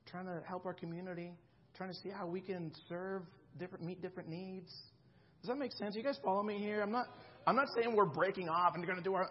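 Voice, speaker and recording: A man's voice: high voice, highs cut off, slight background noise. A man in his thirties preaching a sermon in a conversational way, often checking in with the congregation. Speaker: pastor.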